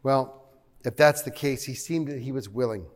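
A man's voice: medium pitch, moderate pace. A man preaching a sermon in a church, conversational and joking with the congregation. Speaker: pastor.

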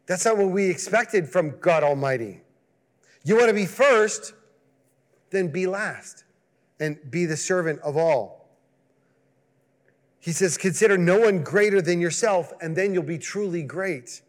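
Animated high-voiced preacher in a hall. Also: male voice, a little slow, pauses often. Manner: conversational, animated, acts out quoted voices. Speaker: pastor. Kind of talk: sermon.

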